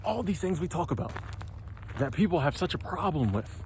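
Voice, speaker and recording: A man, hosting his own channel and delivering an impassioned motivational monologue, preachy and animated, sometimes stumbling over his words. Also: fairly high pitch, fairly quick, a little hiss or hum. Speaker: channel host.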